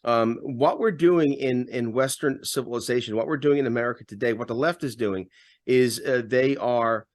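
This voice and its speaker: A man co-hosting a talk show in a casual political chat. He speaks emphatically, repeating words as he gathers momentum. His voice is mid-pitched and the sound is dry and close. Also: normal speed, no room sound. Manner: emphatic, repeats words when building a point. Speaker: radio host and podcast co-host.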